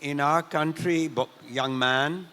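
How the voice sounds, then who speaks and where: A man's voice: fairly high pitch, steady tone, slow, a bit bright. An older man with an Indian accent quotes a condescending white male school official in a put-on Southern American drawl. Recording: reverberant hall.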